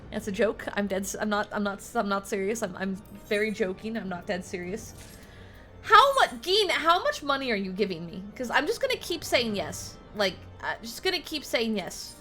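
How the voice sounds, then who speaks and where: High, bright woman streamer: excitable, squealy, a bit foul-mouthed, game music under her. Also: moderate pace. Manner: excitable, squealing, swears when shocked. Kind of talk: casual live-stream chatter while playing.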